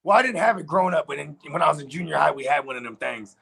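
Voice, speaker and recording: A man from Washington, D.C. in a casual chat, his voice gravelly with a husky edge. He tells stories and slips into put-on voices to act out comedy bits. His voice sits fairly high for a man. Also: rapid-fire, rough recording. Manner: animated storyteller, acts out comedians' bits.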